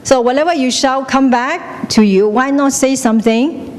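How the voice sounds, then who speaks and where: A woman teaching a class, chatty, often checking in with "okay?" and slipping into Chinese phrases. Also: moderate pace. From Malaysia. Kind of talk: classroom lecture. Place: classroom hall. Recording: echoey hall with faint rumble.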